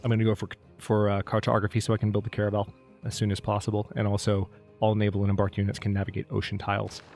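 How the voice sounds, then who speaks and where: Man, lower voice, casual gameplay commentary, thinking aloud, talks to units, faint music behind. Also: completely flat delivery, fast, vocal fry, a little mellow. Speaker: let's play host.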